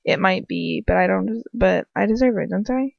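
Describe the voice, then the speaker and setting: A woman's voice: medium pitch, moderate pace, creaky, no echo, highs cut off. A woman reading fan fiction aloud, breaking off for chatty, self-mocking asides and stumbling over words.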